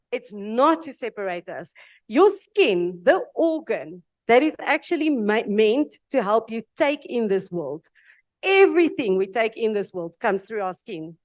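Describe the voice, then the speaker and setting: An earnest, animated woman with an Afrikaans South African accent addresses a panel audience, her voice sitting a touch high. The sound is close and dry, with little room around it. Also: no room sound. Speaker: panel speaker. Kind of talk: reflective speech at a dialogue event. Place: event venue with audience.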